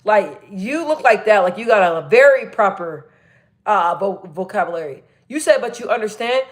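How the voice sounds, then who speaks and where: A woman's voice: mid-range voice, animated, moderate pace. Chatty woman hosting a livestream. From Arizona, US. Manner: chatty and rambling, full of "like" fillers. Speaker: livestream host. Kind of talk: casual livestream chat with viewers.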